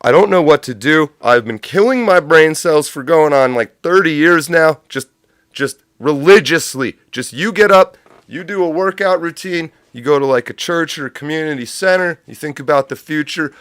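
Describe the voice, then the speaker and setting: Male livestream host, higher-pitched voice, smooth and dry close-mic sound; profane, sarcastic, rambling rant. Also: animated, moderate pace, a bit bright, no echo.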